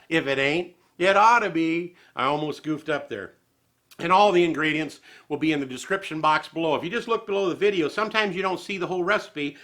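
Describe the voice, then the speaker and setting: A man's voice: on the high side, pushed and bright. A man hosting a home cooking show, chatting in a homespun, folksy way and chuckling as he goes.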